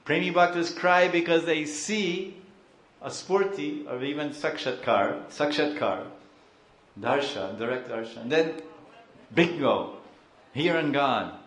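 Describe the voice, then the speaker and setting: A man gives a devotional sermon, slow and drawn out, his voice pitched a little high. He acts out crying devotees with a lot of emotion. The room around him is echoey. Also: expressive, fairly bright tone. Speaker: spiritual teacher.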